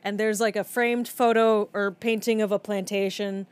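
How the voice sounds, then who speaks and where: A woman's voice: medium pitch, flat delivery, normal speed, clean tone, dry recording. A woman co-hosting a casual podcast chat, speaking frankly and swearing freely. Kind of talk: casual chat reviewing a film.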